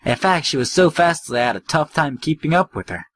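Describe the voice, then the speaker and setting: A man's voice: on the high side, animated, fairly quick, a bit bright. A man hosting a let's play, reading the story text aloud with wry, offhand asides.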